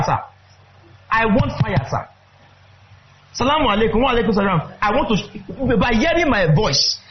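A man preaching a fervent sermon, breaking into shouts and drawing out words for emphasis. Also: high-pitched, muffled recording, a little hiss or hum.

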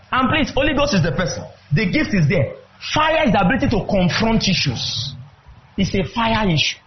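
Fervent high-voiced preacher. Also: male voice, dull audio, slight background noise. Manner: fervent, with sudden shouts and drawn-out emphasis. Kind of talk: sermon.

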